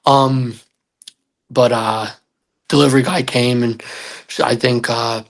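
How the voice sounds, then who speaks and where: Slowly and in a gravelly mid-range voice with fairly even intonation, a man shares a personal story as a podcast guest. His telling is casual and rambling, full of acted-out dialogue and fillers like "uh" and "like."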